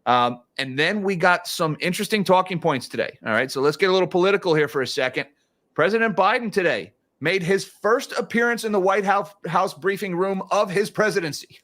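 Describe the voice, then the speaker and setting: A man's voice: sits high, a little fast, fairly bright tone. A man hosting a casual livestream of market commentary, chatty and given to sarcastic asides. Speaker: financial commentary host.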